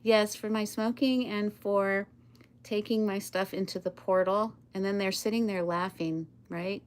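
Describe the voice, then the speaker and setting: A woman's voice: medium pitch, fairly even intonation, measured pace. A woman chatting casually on a live stream, rambling, laughing often and talking to her pets and viewers.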